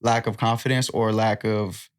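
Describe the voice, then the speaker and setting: A young man talking casually on a podcast as a guest, telling stories in a relaxed way. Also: lowish voice, moderate pace, smooth. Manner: relaxed, storytelling, quotes himself directing people.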